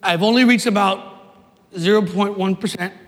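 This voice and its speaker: A man, preaching passionately to young people, rising to emphatic shouts and dropping in joking asides. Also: sits high, normal speed. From New York City, USA. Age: 30s. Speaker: youth minister. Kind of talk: preaching to a live audience. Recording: reverberant hall.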